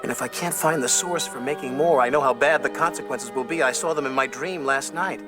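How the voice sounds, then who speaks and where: An actor playing a kindly, earnest conductor who speaks in a measured way. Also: male voice, mid-range voice, music in the background, lightly acted. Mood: worried. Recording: film clip with background score.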